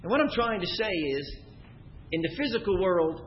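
A middle-aged man from Canada preaching a sermon, telling stories and swinging between loud emphasis and quiet asides. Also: high-pitched, animated, moderate pace, a little hiss or hum. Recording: dull lo-fi recording.

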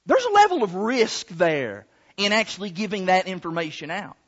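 Very high-voiced preacher in an echoing hall. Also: male voice, sing-song. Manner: emphatic, drawn-out stresses on key words. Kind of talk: sermon. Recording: long hall reverb, dull lo-fi sound.

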